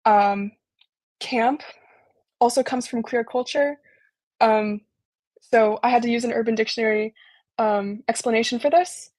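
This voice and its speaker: A young woman giving a casual online talk, explaining slowly with lots of ums and likes. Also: a little high, dry recording. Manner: relaxed, filler-heavy explaining with frequent ums and likes. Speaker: embassy intern presenting a virtual talk. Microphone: video call.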